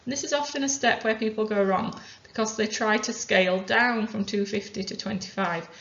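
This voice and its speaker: A woman chemistry teacher calmly talking through worked examples step by step. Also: medium pitch, fairly quick. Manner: methodical, talks through each step aloud. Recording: roomy, dull lo-fi sound.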